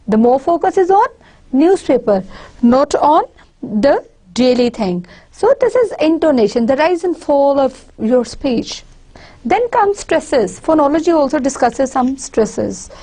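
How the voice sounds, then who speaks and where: A woman with a Pakistani accent teaching a university lecture in a high voice. She explains patiently step by step, breaking off and restarting her sentences as she gives spoken examples. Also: a little mellow.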